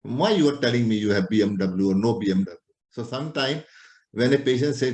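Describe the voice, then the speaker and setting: A male doctor giving a clinical lecture, animated and teasing as he acts out his examples. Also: lowish voice, fairly quick. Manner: lively, animated, playful teasing. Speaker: doctor teaching a class. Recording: roomy echo.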